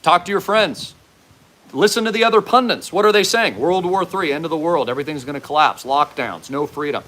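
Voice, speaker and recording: A man's voice: a little high, animated, brisk, fairly bright tone. Fervent man preaching a warning. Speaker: host. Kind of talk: commentary monologue.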